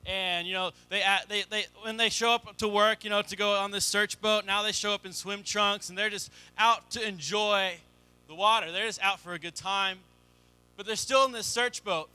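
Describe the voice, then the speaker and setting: A man's voice: sits high, steady tone, normal speed, bright, forceful tone, smooth. A young adult man preaching a sermon, telling a story and acting out the voices in it. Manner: storytelling, acts out quoted voices. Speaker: pastor.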